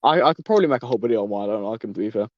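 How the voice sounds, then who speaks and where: A man's voice: lowish voice, animated, very fast, lo-fi sound. A man hosting a casual podcast, rambling and swearing with many stumbling restarts. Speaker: podcast host.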